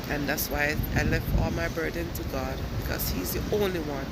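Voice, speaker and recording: A high-voiced man with a Jamaican accent speaks through tears in a tearful, heartfelt monologue. He records on a phone while riding a train, with loud vehicle noise behind him. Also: steady tone, normal speed, gravelly. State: crying. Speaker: immigrant sharing feelings. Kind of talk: emotional personal monologue.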